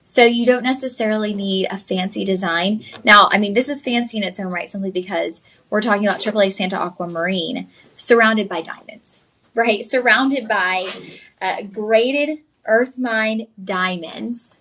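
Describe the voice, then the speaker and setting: A woman's voice: medium pitch, normal speed, fairly bright tone, poor audio. A young woman hosting a live jewelry sales show, chatty and enthusiastic, talking straight to viewers. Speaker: shopping channel host.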